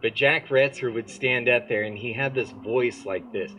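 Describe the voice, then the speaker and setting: A man preaching an easygoing sermon outdoors, his voice at a middle pitch. He talks in a loose, conversational way and keeps turning to the crowd with questions. A faint hiss of open-air noise sits underneath. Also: fairly even intonation, normal speed, bright, forceful tone, rough recording. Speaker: pastor. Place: outdoor church service.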